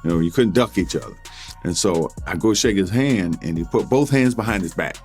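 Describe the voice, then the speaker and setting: A man with a low voice recounts an old playing story at an easy, anecdotal pace. Faint music runs underneath. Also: fairly quick. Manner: relaxed anecdotal storytelling with laughs. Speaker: former pro basketball player. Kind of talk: storytelling interview.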